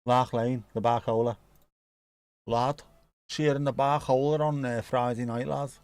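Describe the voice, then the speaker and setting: A man's voice: medium pitch, fairly even intonation, moderate pace, darkish tone, clear, resonant tone, no room sound, natural voice. A man putting on a to voice a chatty Liverpool lad down the pub, matey and informal.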